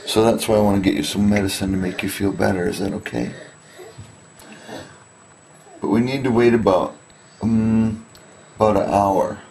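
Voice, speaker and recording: A father gently coaxing and teasing his small child in a home video. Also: fairly low pitch, steady tone, fairly quick, slight background noise, low-quality recording.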